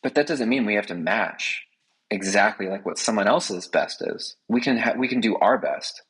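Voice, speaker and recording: A man's voice: lowish voice, moderate pace, fairly bright tone, slightly rough, rough recording. A man speaking as a podcast guest, talking earnestly and with many fillers in a casual conversation.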